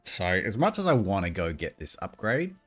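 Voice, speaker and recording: A man's voice: sits low, big pitch swings, normal speed, a bit bright, husky, soft background music. A man giving casual gameplay commentary, thinking aloud as he plays, often mumbling and trailing off. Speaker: gameplay streamer.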